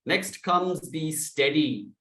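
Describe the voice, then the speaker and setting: A man coaching salespeople, speaking loudly and with energy and acting out sample calls. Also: fairly high pitch, expressive, slow pace, reverberant, distant mic, rough recording. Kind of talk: sales training talk.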